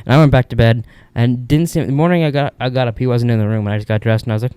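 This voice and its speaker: A man's voice: medium pitch, steady tone, very fast, mellow, clear, resonant tone, dry recording. A young man hosting a podcast, telling stories in a casual, rambling, candid way from an upstairs room at home. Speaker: podcast host. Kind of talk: casual solo monologue.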